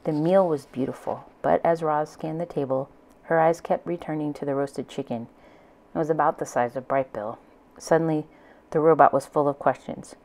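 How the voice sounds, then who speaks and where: A woman reading a children's novel aloud in a gentle, plain storytelling manner. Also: deep voice, fairly even intonation, moderate pace, poor audio. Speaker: audiobook reader.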